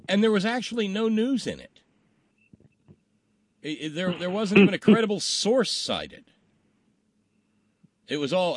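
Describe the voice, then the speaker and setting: A man's voice: high voice, sing-song, unhurried, pauses often. Blunt, profane talk show man. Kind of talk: casual political talk.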